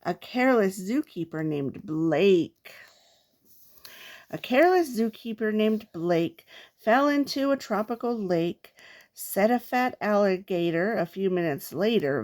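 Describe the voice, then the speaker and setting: Older woman reading kids' poems slowly. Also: mid-range voice. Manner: playful, expressive read-aloud with comic trailing-off. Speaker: grandmother reading aloud. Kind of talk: reading children's poems aloud.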